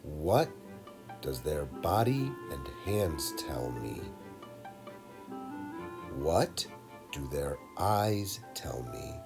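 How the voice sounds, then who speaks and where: A man narrating a lesson for children, talking slowly and deliberately and addressing the kids directly. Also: extremely low pitch, big pitch swings, music in the background. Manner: slow, deliberate, talks straight to kids. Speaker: teacher.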